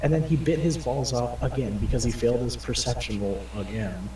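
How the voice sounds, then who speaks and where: A man's voice: mid-range voice, fairly quick. A man playing a tabletop game, telling a crude rambling story full of profanity and acting out the other characters. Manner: profane, rambling, acts out quoted voices. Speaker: player. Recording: roomy and distant with clear background noise.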